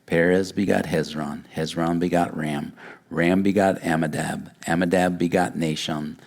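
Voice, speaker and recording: Gravelly-voiced man preaching a sermon. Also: sits low, normal speed. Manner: animated retelling, acts out dialogue. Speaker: pastor. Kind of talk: verse-by-verse sermon.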